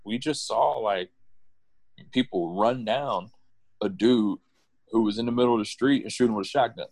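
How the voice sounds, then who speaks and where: A middle-aged man from the United States telling personal stories in casual conversation, animated and often repeating or restarting words. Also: moderate pace, vocal fry, dry recording. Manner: animated, acts out quoted voices with jumps in pitch.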